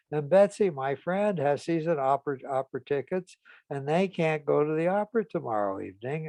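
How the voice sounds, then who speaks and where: Animated man retelling a story. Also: fairly high pitch, creaky, no room sound. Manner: animated retelling, voices the people in the story with rising emphasis. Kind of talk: storytelling, acting out dialogue.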